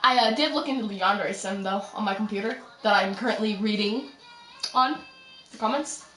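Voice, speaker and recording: A woman's voice: mid-range voice, fairly bright tone, recorded from a distance. Chatty young woman gaming, roomy echo. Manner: rambling, chatty, quick asides. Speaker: gaming streamer. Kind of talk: casual gameplay commentary. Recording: roomy echo, voice set back from mic, faint music.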